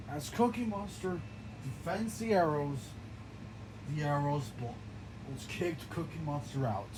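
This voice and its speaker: A man improvising a game narration in an excitable, stumbling way, often restarting his phrases. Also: on the high side, measured pace. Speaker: gameplay narrator. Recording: noisy background.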